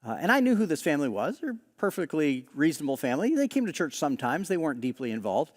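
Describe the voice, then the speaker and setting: Lively pastor telling stories in a hall. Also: male voice, a little high. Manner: conversational storyteller with frequent "uh" pauses. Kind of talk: storytelling sermon. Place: large church hall.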